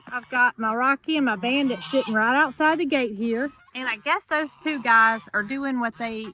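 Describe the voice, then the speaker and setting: A woman's voice: a little high, moderate pace, few pauses, sharp tone, a little hiss or hum, poor audio. A woman chatting straight to her viewers in a casual farm vlog, filmed on a handheld phone. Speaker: farm vlogger. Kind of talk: casual vlog narration to camera. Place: farm and truck, in and out of doors.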